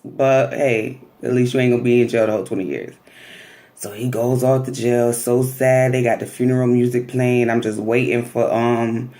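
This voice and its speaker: Gravelly-voiced woman gossiping through a recap. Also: extremely low pitch. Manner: animated, slangy, acting out quotes. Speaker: vlogger reviewing a reality TV episode. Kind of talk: casual recap with commentary.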